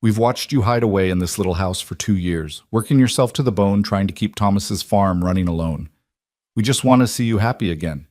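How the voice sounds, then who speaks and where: A man voicing a warm, teasing young woman who gently urges her sister on. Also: lowish voice, brisk, no echo, clean studio sound, close to an everyday voice. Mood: coaxing. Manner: affectionate and coaxing.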